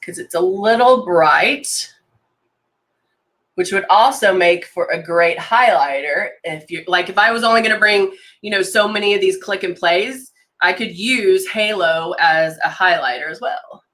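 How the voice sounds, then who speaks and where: A woman hosts a casual live-stream makeup demo, chatting warmly and with enthusiasm as she applies products. Her voice is bright and crisp, at a mid pitch. She reads out viewer comments between steps. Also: measured pace.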